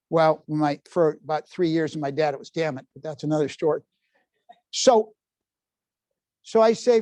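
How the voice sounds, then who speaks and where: A man's voice: fairly high pitch, a little mellow, no room sound. A man in his seventies leading a live parenting workshop in a library room, quizzing the audience with folksy asides. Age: 70s. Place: public library meeting room.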